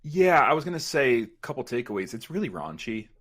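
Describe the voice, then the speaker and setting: A man's voice: medium pitch, big pitch swings, fairly quick, a bit bright. A man in his thirties co-hosting a podcast, talking in a loose, chatty way full of likes. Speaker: podcast co-host. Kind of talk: casual chat.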